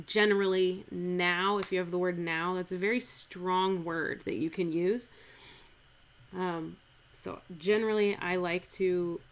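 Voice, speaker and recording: Speaking slowly in a lowish voice, a chatty streamer works through the verse of a Shakespeare speech from home, thinking aloud as she scans it. She keeps correcting herself and says lines over again to check their stress.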